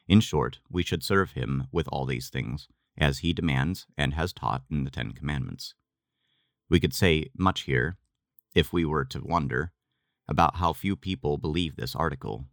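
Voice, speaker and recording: A man giving a measured, deliberate scripted reading of a religious text. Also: a bass voice, gravelly, no room sound, studio quality. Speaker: reader.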